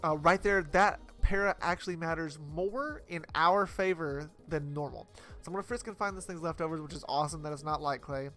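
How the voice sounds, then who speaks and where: A young man talks through his own gameplay in a bright, forceful voice that sits a little higher than most men's. He rambles casually, full of fillers and quick self-corrections, with faint music playing underneath. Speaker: competitive Pokemon player commentating his battle.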